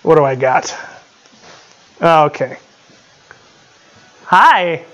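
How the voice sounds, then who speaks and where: Male streamer, lively swearing reactions, slow easygoing talk. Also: on the high side. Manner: laughing, profane, reacting loudly. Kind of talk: casual live-stream chat.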